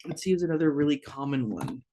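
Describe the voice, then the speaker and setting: A woman teaching a language lesson, slow and patient, repeating words for learners to echo. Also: rumbling low, big pitch swings, dark tone, faint music behind.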